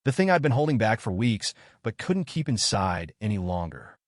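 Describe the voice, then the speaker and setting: Guy narrating a drama story, lowish voice that moves around a lot, dry close sound. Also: big pitch swings, normal speed, no echo. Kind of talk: scripted first-person story narration.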